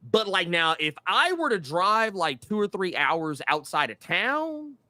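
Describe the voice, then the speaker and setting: Guy chatting about a movie, high bright voice, swings all over, dry close sound. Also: a little slow, no echo. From Tennessee. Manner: animated, swears freely, acts out quotes. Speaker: podcast co-host. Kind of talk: casual movie discussion.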